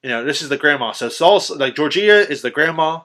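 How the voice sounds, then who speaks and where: A man on a podcast excitedly retelling a horror film's ending in casual, profanity-laced chat, full of ums and restarts. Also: a little high, brisk. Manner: animated retelling, swearing, filler-heavy. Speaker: podcast host. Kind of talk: casual film recap chat.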